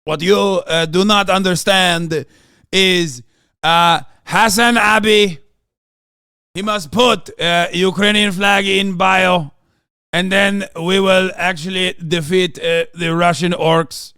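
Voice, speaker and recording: Brief: man doing a raspy, hesitant head-of-state impression, loud and drawn out. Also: high voice, steady tone, slow, no echo, clean studio sound, voice pushed up, exaggerated voice. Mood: pompous. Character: mock impression of a wartime president, raspy, halting.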